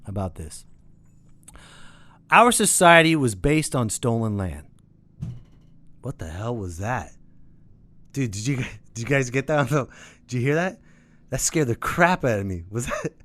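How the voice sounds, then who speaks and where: A man's voice: mid-range voice, dry recording. A man hosting a podcast, delivering a casual, sarcastic, ranting monologue with plenty of swearing. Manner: animated, sarcastic, swearing freely. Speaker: podcast host.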